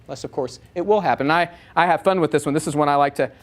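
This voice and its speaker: A man teaching a live audience, animated, asking them many rhetorical questions. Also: fairly high pitch, very fast. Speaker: Bible teacher.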